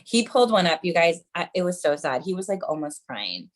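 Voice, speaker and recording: Brief: thirties woman comic, low-pitched but swinging wide, chatty mom humor. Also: very animated, fairly quick. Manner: chatty, keeps calling the crowd "you guys"; self-mocking mom jokes. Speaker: stand-up comedian. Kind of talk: stand-up set.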